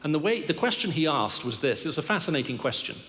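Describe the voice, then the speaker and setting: A man's voice: fairly high pitch, big pitch swings, fast, a bit bright. A middle-aged man giving a sermon as a guest preacher, telling stories with humor and wry asides about himself. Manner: storytelling with humor and self-deprecating asides. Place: large church hall. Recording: long reverb of a big hall.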